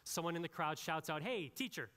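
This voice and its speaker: A male pastor preaching a sermon, with animated, conversational delivery and frequent asides to the congregation. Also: fairly high pitch, a little fast, big-room sound.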